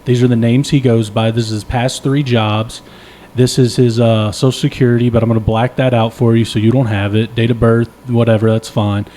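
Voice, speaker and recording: Mellow-voiced young man telling a story. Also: mid-range voice, brisk, a little hiss or hum. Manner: animated, profane, rambling anecdote; self-deprecating, laughs often. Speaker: podcast co-host. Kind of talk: casual storytelling chat.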